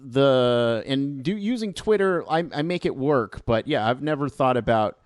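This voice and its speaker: Male podcast host, mid pitch, joking and self-deprecating, dead-dry studio sound. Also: animated, measured pace, few pauses, a little mellow, clean tone, no echo. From Mexican-American upbringing. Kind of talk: casual chat.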